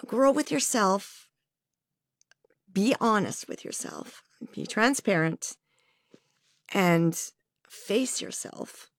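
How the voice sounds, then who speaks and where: Frank, lively-voiced woman guest. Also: on the high side, dry recording, studio quality. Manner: frank and self-reflective. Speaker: interview guest. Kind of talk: candid personal conversation.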